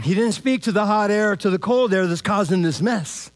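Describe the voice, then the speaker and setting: Male pastor, high voice, casual animated sermon delivery, keeps checking in with the crowd. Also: brisk, hardly any pauses. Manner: animated, repeats "man" and "all right?".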